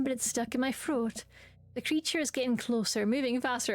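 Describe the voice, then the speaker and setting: A woman's voice: fairly high pitch, a little fast, a little mellow, slight background noise. Playful woman streamer reading a game. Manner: playful, switches into silly voices and barks. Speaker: streamer playing a dating game. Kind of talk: reading game dialogue aloud with commentary.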